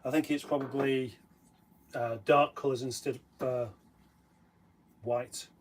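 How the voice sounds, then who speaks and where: A man's voice: mid-range voice, steady tone, measured pace. A man co-hosting a casual live stream who teases his partner and rambles through his explanations. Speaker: co-host.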